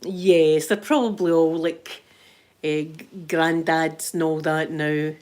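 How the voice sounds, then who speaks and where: The middle-aged Scottish livestream host sounds low and a little mellow, with fairly even intonation and a slow pace. She chats casually over live comments and tells stories, often restarting and laughing along the way.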